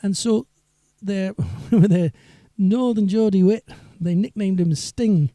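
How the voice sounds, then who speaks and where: A man's voice: sits high, normal speed, hardly any pauses, warm tone, no echo, studio quality. A singer-songwriter man chatting on a live stream between songs, rambling and reading viewer comments aloud.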